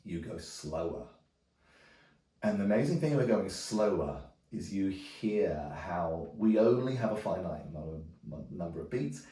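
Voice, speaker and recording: A man's voice: sits low, moderate pace, hardly any pauses. Man teaching djembe, roomy and distant. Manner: relaxed, thinking aloud with many restarts. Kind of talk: casual music lesson. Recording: roomy sound from a distance, drumming around speech. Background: djembe drumming.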